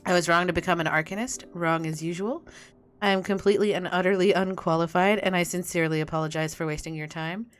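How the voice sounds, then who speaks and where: A woman's voice: fairly low pitch, steady tone, fast, faint music behind, natural voice. Woman reading a self-doubting young female receptionist from a game, earnest, close to her own voice. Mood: apologetic.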